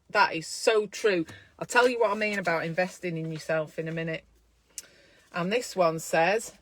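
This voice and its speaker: A woman's voice: lowish voice, normal speed, a bit bright, no room sound. A woman who is a midwife, talking casually to camera in a self-care vlog, chatty and encouraging as she thinks aloud from a small room at home.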